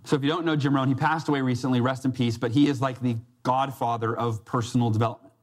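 A man's voice: mid-range voice, fairly even intonation, quick pace. A man giving a motivational talk to a live audience, telling a personal story and acting out the quoted voices. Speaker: success coach and speaker.

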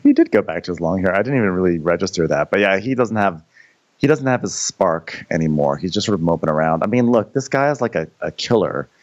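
A man's voice: low voice, expressive, fast, a little mellow. A man co-hosting a podcast, chatting casually and riffing with wry jokes about an episode. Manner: wry, riffs in joking impressions. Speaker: podcast co-host. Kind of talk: casual recap chat. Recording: dull lo-fi sound.

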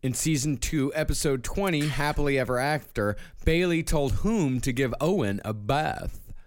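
A man co-hosting a podcast, reading out trivia questions and answers in casual chat. His delivery is dry and matter-of-fact. His voice sits a touch higher than most men's. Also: normal speed.

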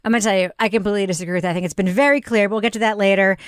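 A woman hosting a podcast review show, chatting in a lively, opinionated way and laughing easily. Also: medium pitch, very fast, smooth. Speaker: podcast host. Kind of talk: casual review chat.

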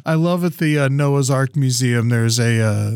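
A man's voice: medium pitch, moderate pace, darkish tone, clean tone, dry recording, clean studio sound. A man co-hosting a podcast, riffing playfully and laughing often. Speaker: podcast co-host. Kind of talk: casual comedic chat.

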